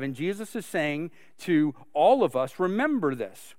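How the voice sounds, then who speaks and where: Pastor guy preaching, earnest, keeps asking the crowd questions, kinda high voice. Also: very animated, measured pace, darkish tone, no echo, clean studio sound. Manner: earnest, asks rhetorical questions, many restarts. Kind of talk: sermon.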